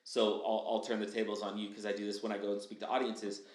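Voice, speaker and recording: A man speaking as a podcast guest, upbeat and animated, acting out his own quotes and often asking "right?" and saying "dude.". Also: fairly low pitch, fast. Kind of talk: casual podcast chat. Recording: echoey room.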